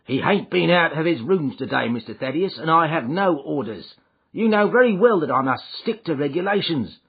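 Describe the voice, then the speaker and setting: A man voicing a gruff, stubborn prizefighter turned porter in an audiobook, with rough rustic speech. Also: on the high side, lively intonation, normal speed, voice pushed up. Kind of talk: audiobook character voice. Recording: thin phone-like audio.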